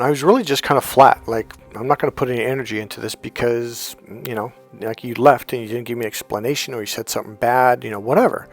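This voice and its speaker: A man's voice: medium pitch, fairly quick, hardly any pauses, faint music behind. A man coaching in a casual motivational monologue, talking conversationally with frequent restarts and quoted dialogue. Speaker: dating and healing coach.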